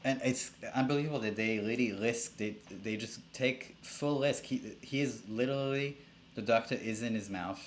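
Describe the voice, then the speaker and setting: A man co-hosting a comedy podcast, joking in a halting, rambling deadpan way about a children's book. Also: medium pitch, a little hiss or hum. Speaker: podcast co-host. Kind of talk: comedic book reading and banter.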